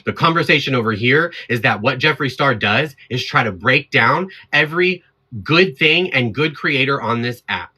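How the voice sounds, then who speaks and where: A man on his own livestream, ranting at his chat with a bright, forceful voice. He sounds fired up and defiant, standing his ground and talking straight to the viewers. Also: medium pitch, lively intonation, moderate pace, husky. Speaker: livestream host. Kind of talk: heated livestream rant to chat.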